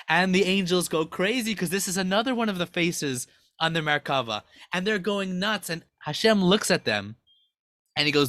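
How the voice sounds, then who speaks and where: A man giving a Torah class who acts out a story with rising excitement. His voice sits a bit high and sounds bright. The recording is dry and close. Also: moderate pace, dry recording. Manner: excited, dramatic retelling. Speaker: Torah teacher.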